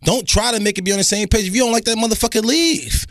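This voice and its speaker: A man talking as a guest in casual podcast banter, excitable and swearing freely. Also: sits high, fast talker, no room sound, clean studio sound.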